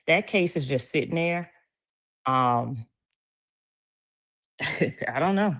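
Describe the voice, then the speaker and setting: A woman's voice: deep voice, lively intonation, takes it slowly, fairly bright tone. A woman hosting a casual livestream from home, reading viewers' comments aloud, chatty and laughing often. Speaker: livestream host.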